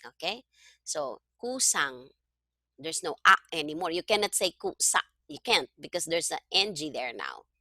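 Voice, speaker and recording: A woman's voice: low-pitched, big pitch swings, normal speed, bright, forceful tone, no echo, studio quality. A woman tutoring Tagalog one-on-one over a video call, patiently checking that her student follows. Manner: patient, checks understanding with frequent "okay?". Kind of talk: one-on-one online language lesson.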